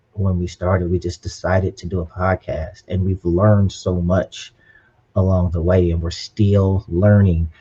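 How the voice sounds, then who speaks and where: Husky-voiced man hosting a podcast. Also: low-pitched, mellow, highs cut off. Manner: upbeat, preachy, often adds "right?" and "you know what I'm saying". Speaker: podcast co-host. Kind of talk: casual motivational podcast chat.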